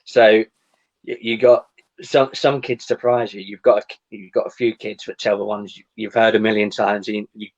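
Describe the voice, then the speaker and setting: An easygoing male podcast host with a low voice, guiding the chat with questions. The sound is a bit muffled and lo-fi. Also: flat delivery, moderate pace.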